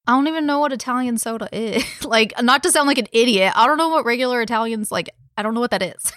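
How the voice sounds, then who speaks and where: A woman's voice: a little high, fast talker, hardly any pauses, a bit bright, no room sound, studio quality. A young woman co-hosting a podcast, chatting loosely with lots of laughter, rambling asides and casual swearing. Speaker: podcast co-host.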